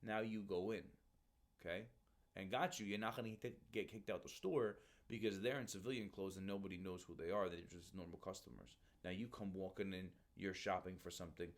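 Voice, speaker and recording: A man hosting a casual podcast, talking animatedly and calling the listener bro. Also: low-pitched. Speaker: Marine recruiter podcast host.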